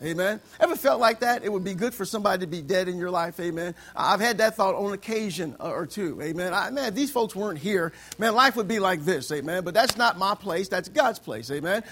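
A preacher delivers his sermon in a high voice, asking for amens again and again. He keeps it conversational and slips into quick voices for his anecdotes. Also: animated, fairly bright tone. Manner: call-and-response preaching, frequent amens, acts out voices in anecdotes. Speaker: pastor.

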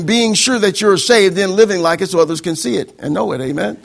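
Male pastor, high gravelly voice, preaching with call-and-response. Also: fairly quick. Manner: call-and-response preaching, quoting scripture, mocking excuses in voices. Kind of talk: sermon.

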